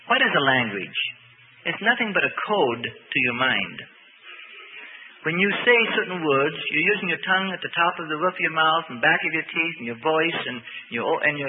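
A man's voice: fairly high pitch, in a large hall, a little hiss or hum. Man preaching over a tinny radio broadcast. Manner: folksy, rambling, with many fillers. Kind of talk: sermon.

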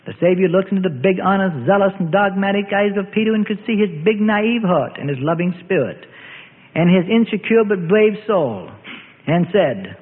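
A man's voice: sits high, lively intonation, moderate pace. Man narrating a solemn Bible story. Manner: solemn storytelling with archaic phrasing. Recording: tinny phone-like audio with long reverb.

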